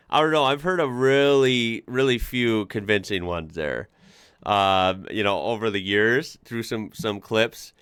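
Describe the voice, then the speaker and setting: A man chats his way through a reaction video, full of fillers, restarts and quick laughs. His pitch moves up and down freely. The sound is dry and close. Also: a bit bright, no room sound. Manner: chatty, laughs often, many fillers and restarts. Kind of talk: casual reaction commentary.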